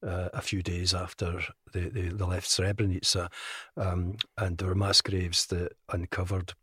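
An older Glaswegian man with a very low, deep voice speaks as an interview guest. He recounts things in a measured, matter-of-fact manner. The sound is close and dry, with no room echo. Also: fairly bright tone, slightly rough. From Scotland. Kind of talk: podcast interview.

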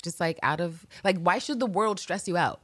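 A woman co-hosting a podcast, recapping a TV episode in casual, animated, profane chat. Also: lowish voice, moderate pace, no room sound, clean studio sound. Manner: animated, profane, often laughing. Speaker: podcast co-host.

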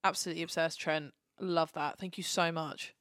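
A woman co-hosting a podcast, chatting in an excitable, playful and sweary way. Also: low voice, normal speed, no echo, studio quality. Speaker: podcast co-host. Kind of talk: casual chat.

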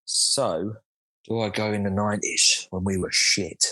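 Grumbling man, lower voice. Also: fairly even intonation, a little slow, sharp tone. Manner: swearing, self-mocking grumbling. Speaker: podcast co-host and contestant. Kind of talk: casual chat.

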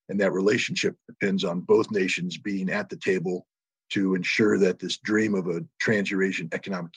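Low husky man, measured analysis. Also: no room sound. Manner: measured, many ums and uhs. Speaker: panelist answering questions. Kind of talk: analytical commentary.

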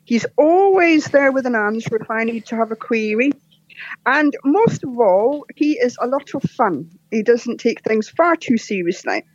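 A woman from Scotland with a soft, posh Scottish accent, chatting as a podcast guest, laughing often and telling jokes. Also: on the high side, animated, a little slow, no room sound, dull audio. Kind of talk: casual interview chat.

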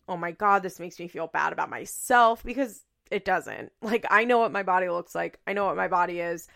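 A woman's voice: fairly low pitch, creaky, fairly bright tone. A woman, hosting a podcast and chatting candidly on her own, with many fillers and casual swearing. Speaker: podcast host. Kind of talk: casual solo chat.

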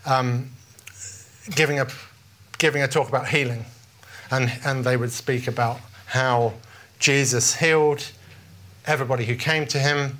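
A man's voice: mid-range voice, a bit bright, slight background noise. Man, British accent, preacher, conversational, storytelling, restarts phrases. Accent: British English. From Britain. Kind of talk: informal sermon.

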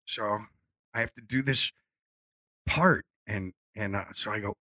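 Animated storytelling man, bright voice. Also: lowish voice, unhurried, pauses often, no echo. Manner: animated storyteller, acts out quotes, swears freely. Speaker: musician telling a story. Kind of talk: casual anecdote.

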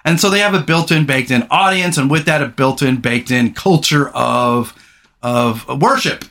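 A middle-aged man hosting a podcast in casual chat, rambling, candid and quick to swear. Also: mid-range voice, a bit bright. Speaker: podcast host.

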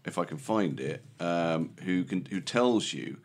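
A man with a posh London twang chats animatedly as host, voice sitting low. He laughs easily and swears casually, lively and expressive. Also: measured pace. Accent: London, posh Cockney. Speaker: podcast host. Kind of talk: casual chat.

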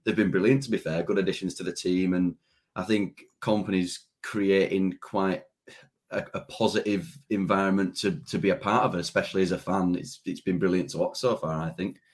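Male co-host, very low voice, halting and casual. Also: steady tone, husky. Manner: hesitant, with many restarts and fillers. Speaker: podcast co-host. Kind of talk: casual football chat.

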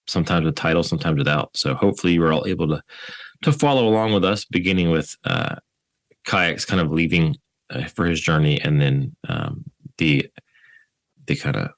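A man hosting a book podcast, talking casually with many fillers and restarts. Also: deep voice. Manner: relaxed, halting with fillers. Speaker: podcast host.

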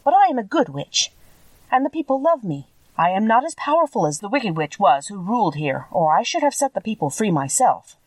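A woman doing a sweet, calm old good witch. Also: medium pitch, brisk, no room sound, far from the mic, poor audio. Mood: calm, kindly. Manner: sweet, calm, gently assured. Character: small, wrinkled, kindly old female good witch.

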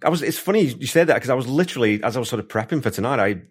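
A man's voice: mid-range voice, expressive, very fast, slightly rough. A man hosting an interview, chatty and enthusiastic, rambling through his thoughts with restarts. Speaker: podcast host. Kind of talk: casual interview chat.

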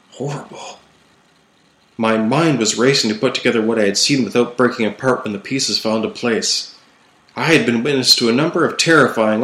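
A young man narrating a first-person horror fantasy story in a measured, dramatic storytelling manner. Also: mid-range voice, a bit bright. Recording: roomy echo.

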